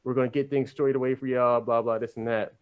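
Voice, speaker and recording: A man hosting a podcast, telling a long, animated story full of slang in casual chat. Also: mid-range voice, fast talker, clean tone, phone-quality sound. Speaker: podcast host.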